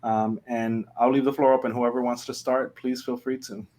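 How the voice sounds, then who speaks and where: A man's voice: mid-range voice, moderate pace. A man hosting a live-stream panel discussion over a video call, encouraging and affirming his guests. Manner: even, encouraging, frequent affirmations. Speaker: host.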